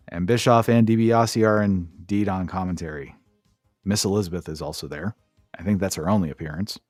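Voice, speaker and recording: A man's voice: low-pitched, normal speed, long pauses, a little mellow, no room sound, studio quality, soft background music. A man co-hosting a podcast, giving a sarcastic, profane play-by-play recap in casual chat. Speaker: podcast co-host.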